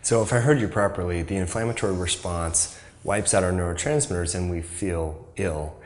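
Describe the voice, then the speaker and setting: A man with a low-pitched voice asks questions as the interviewer. He listens attentively and sums up the answers in his own words before checking if he has them right. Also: moderate pace.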